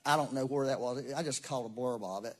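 A man, preaching a sermon in a folksy, animated way with asides and laughs. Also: medium pitch, fairly quick. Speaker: pastor.

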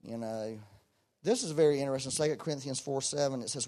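A man preaching a sermon in a folksy, emphatic way, with loud bursts and joking asides. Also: medium pitch, a little fast. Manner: folksy, self-deprecating asides.

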